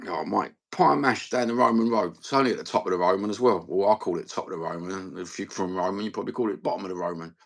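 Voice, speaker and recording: Man, East London accent, middle-aged, live-stream host, rambling chat, sweary banter, raspy, fry in the voice. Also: sits low, quick pace, hardly any pauses.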